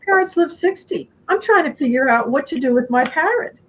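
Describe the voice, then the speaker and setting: A middle-aged woman answering interview questions in a rambling, warm way, often acting out her animals' voices. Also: sits high, expressive, brisk, slight background noise, low-quality recording. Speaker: guest speaker.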